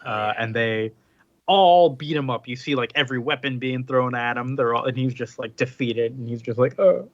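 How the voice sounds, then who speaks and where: A man's voice: mid-range voice, steady tone, moderate pace, dry recording, highs cut off. A man hosting a casual podcast chat, recapping a comic plot loosely with lots of fillers. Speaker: podcast host.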